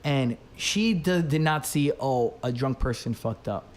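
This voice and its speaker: A man's voice: mid-range voice, lively intonation, measured pace. A young man telling a story in casual chat, rambling, swearing, leaning on "like". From Dominican family, raised in the US. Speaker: podcast host.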